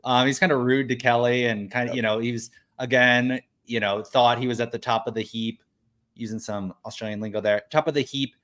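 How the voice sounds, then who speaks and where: Man co-host, mid-pitched voice, laid-back and jokey, casual podcast chat. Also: fairly even intonation, brisk, fairly bright tone. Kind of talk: casual chat recapping a reality show.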